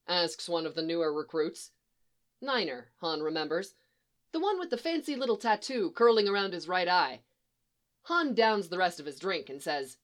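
A woman narrating a story aloud in an expressive storytelling manner. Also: on the low side, normal speed. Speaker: story reader.

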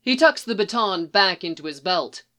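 A woman narrating a fan fiction story in a steady, even storytelling manner. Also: medium pitch, moderate pace. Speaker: fanfic audiobook reader. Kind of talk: scripted narration.

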